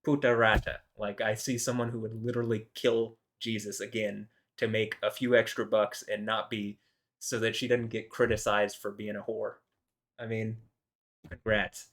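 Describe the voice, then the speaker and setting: A man's voice: on the low side, little pitch movement, normal speed. A man rambling in an indignant solo commentary, full of filler words and restarts. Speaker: video host.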